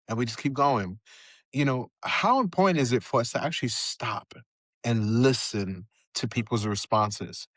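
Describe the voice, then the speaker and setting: A male podcast host with a mid-pitched voice asks long, reflective questions, often pausing on filler phrases. The recording is close and dry, with no room sound. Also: expressive, fairly bright tone, dry recording. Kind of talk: interview conversation.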